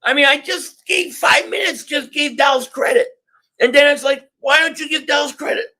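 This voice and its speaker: A man hosting a live sports reaction stream, ranting excitably and often shouting at the game. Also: very high voice, moderate pace. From Philadelphia area.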